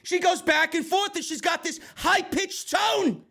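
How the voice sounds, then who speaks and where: Man, very high voice, profane sarcastic rant, show reviewer. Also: unhurried, gravelly, bright, forceful tone. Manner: angry, sarcastic, heavy swearing.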